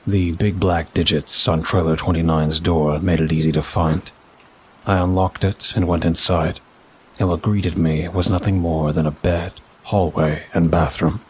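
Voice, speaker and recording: A man reading a first-person story aloud, measured and steady. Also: low voice, husky. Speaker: narrator. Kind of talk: scripted story narration.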